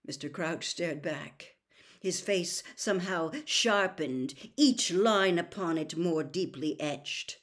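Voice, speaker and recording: A woman reading a story aloud as narrator in an expressive, dramatic storytelling manner. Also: on the low side, slow pace. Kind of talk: audiobook reading.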